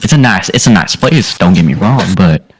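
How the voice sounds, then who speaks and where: A man playing a very deep-voiced curious adventurer. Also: lively intonation, normal speed, a little hiss or hum. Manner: casual, direct questioning. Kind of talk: in-character tabletop role-play.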